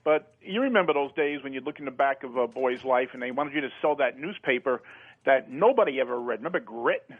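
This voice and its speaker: A man's voice: medium pitch, animated, fairly quick. A man calling in to a talk radio show, telling a rambling story in casual chat. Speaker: caller. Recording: phone-line sound.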